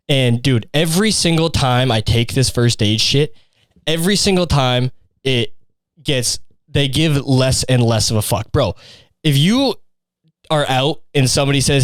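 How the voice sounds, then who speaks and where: A man's voice: mid-range voice, clear, resonant tone, dry recording, studio quality. A young man hosting a solo podcast, rambling crudely with constant profanity. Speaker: podcast host. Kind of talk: casual solo podcast rant.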